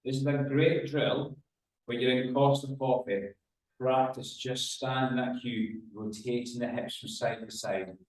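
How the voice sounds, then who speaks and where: A man leading a guided exercise class as a running rehab coach, giving calm cues and counting down reps. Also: mid-range voice, unhurried. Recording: very echoey room, mic far off.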